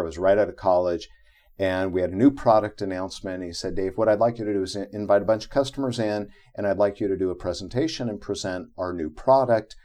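A middle-aged man, an interview guest, telling a personal story in conversation and acting out the quotes in it. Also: deep voice. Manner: animated, acts out quotes from his own story.

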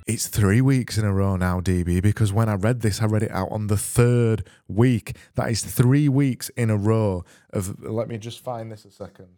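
A man's voice: on the low side, normal speed, hardly any pauses, warm tone, soft background music. A British man hosting a casual podcast and reading out listener messages in a dry, mock-serious way with self-mocking asides. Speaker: podcast host.

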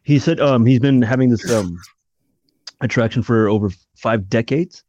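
A man's voice: medium pitch, dull audio. A man co-hosting a casual podcast, reacting with questions and cracks. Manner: animated, quick to question and react. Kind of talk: casual banter.

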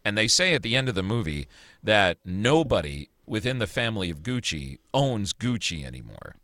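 A man's voice: lowish voice, sing-song, moderate pace, sharp tone, dry recording, clean studio sound. A man co-hosting a podcast, chatting casually and reviewing movies with opinionated, rambling talk. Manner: opinionated, rambling with restarts and swearing. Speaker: podcast co-host.

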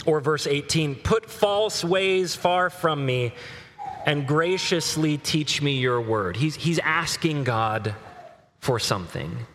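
A middle-aged male preacher giving a sermon, earnestly reading scripture aloud with slow emphasis. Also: fairly high pitch, animated, a bit bright, in a large hall, slight background noise.

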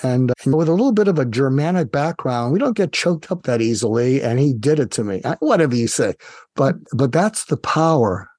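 Warm-voiced man telling a story. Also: medium pitch, animated, brisk, husky, no echo, studio quality. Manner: vivid, addresses host directly, engaging. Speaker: psychiatrist guest. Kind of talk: conversational storytelling.

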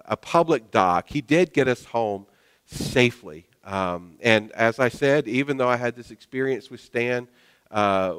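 A male pastor telling a personal story in a sermon, folksy and self-deprecating, with many hesitant pauses, speaking in a church sanctuary. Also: on the low side, clear, resonant tone. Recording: long hall reverb.

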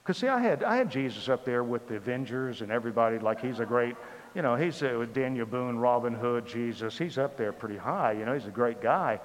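An older man preaching a testimony sermon, acting out dialogue and swinging from loud bursts to hushed tones. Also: mid-range voice, animated, fairly quick. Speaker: pastor. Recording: long hall reverb.

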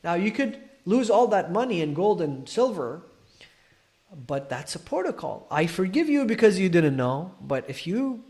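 Animated male storyteller, roomy sound. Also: high-pitched, moderate pace. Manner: animated, acts out dialogue. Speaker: religious scholar guest. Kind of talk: podcast storytelling.

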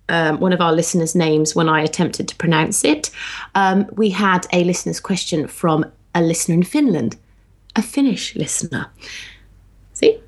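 A woman with an English accent co-hosting a podcast, chatting casually and teasing, with lots of fillers. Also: on the low side. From England. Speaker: podcast co-host. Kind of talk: casual chat.

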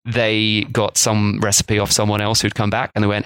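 A man's voice: on the low side, monotone, moderate pace, fairly bright tone, clean tone, no echo. A man hosting a podcast, telling a history story in casual chat with jokey asides. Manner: chatty storyteller, jokey asides, mock voices for quotes. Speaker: podcast host.

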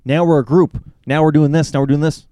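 A man's voice: on the high side, fairly even intonation, brisk, warm tone, dry recording. A man co-hosting a podcast, throwing in dry, sarcastic quips in casual chat. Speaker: podcast co-host.

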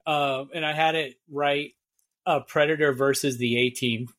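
A man's voice: fairly high pitch, steady tone, a little slow, a bit bright. A man co-hosting a casual geek podcast, rambling and laughing often. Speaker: podcast co-host. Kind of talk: casual chat.

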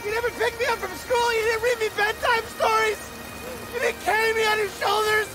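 An actor in a TV comedy playing a grieving grown son who shouts in anguish and bitterness at his dead father. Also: very high voice, level tone, a little fast, no echo, poor audio. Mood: anguished shouting. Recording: TV clip under loud music.

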